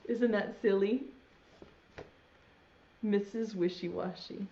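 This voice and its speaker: A woman's voice: a little high, big pitch swings, a little slow, a little hiss or hum. A woman teaching preschool online, reading a storybook aloud in a sing-song voice and talking straight to young children. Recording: dull lo-fi sound.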